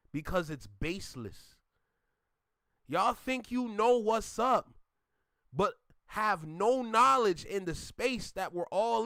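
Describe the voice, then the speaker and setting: A man's voice: sits high, bright, forceful tone, dry recording, clean studio sound. A man hosting a reaction channel, ranting casually in an emphatic, slangy way and repeating himself.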